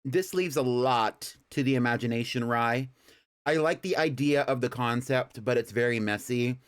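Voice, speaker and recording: A man's voice: medium pitch, moderate pace, clean tone. A man co-hosting a live fashion review stream, talking in a sassy, blunt, teasing way. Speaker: co-host reviewing fashion submissions. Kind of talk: casual livestream chat.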